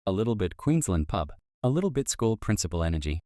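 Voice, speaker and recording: Aussie guy, really low voice, dry close sound, cheeky slangy scripted narration. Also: very animated, quick pace, warm tone, no room sound. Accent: Australian. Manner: brash, slangy and jokey. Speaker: commentary channel narrator.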